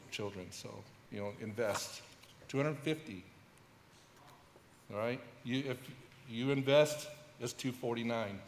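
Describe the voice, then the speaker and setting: Halting middle-aged man, echoey church hall. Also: medium pitch, a little hiss or hum. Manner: halting, many restarts and fillers. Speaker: church member giving testimony. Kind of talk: testimony at church service.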